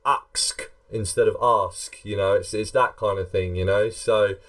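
A man's voice: lowish voice, level tone, moderate pace, smooth. Guy hosting a podcast, rambly and chatty, lots of restarts. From England. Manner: rambling, chatty, self-mocking, restarts a lot. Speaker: podcast host. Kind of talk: casual chat.

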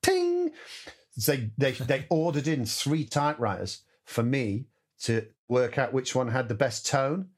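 A musical director, here as a guest, chats casually and tells anecdotes, performing voices and sound effects as he goes. His voice sits at a medium pitch and moves a little slowly.

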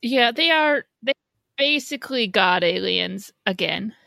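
Bright-voiced woman chatting on a podcast. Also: fairly high pitch, unhurried, creaky, dry recording. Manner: animated, amused, laughs a lot. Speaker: podcast co-host. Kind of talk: casual chat.

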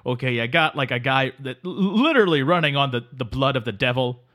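A man's voice: mid-range voice, expressive, brisk, fairly bright tone. Jokey male podcast co-host. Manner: jokey, tags lines with "eh" and "buddy". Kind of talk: comedic banter.

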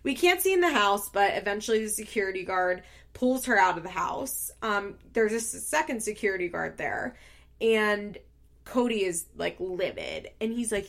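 A woman recapping events in a loose, chatty way, filling her talk with filler words and breaking into laughs. Her storytelling is lively and animated, and her voice sits at an ordinary pitch for a woman. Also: moderate pace. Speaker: show recapper.

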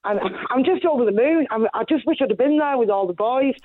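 A woman's voice: high-pitched, lively intonation, fast talker, no echo. A woman calling a sports radio show, gushing with delight about a match. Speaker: caller. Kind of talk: phone-in chat. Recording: tinny phone line.

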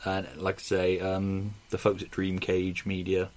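A man's voice: low-pitched, completely flat delivery, a little slow. A man co-hosting a podcast in casual chat, rambling, laughing often and swearing casually. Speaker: podcast co-host.

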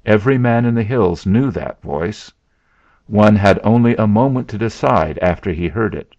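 A man narrating a story in a measured, steady way. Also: on the low side. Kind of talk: scripted narration. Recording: dull lo-fi sound.

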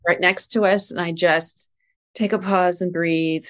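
A middle-aged woman, a spiritual life coach, explaining ideas calmly in a casual podcast conversation. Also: on the low side, unhurried.

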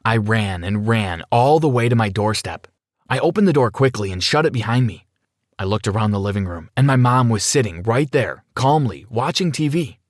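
A man narrating a dramatic first-person story in an expressive reading style. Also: lowish voice, moderate pace, dry recording, clean studio sound.

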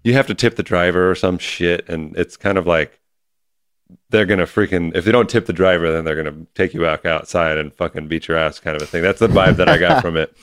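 A man's voice: low-pitched, steady tone, brisk, clean tone, dry recording, clean studio sound. A young man telling a story in casual chat, laid-back and swearing often.

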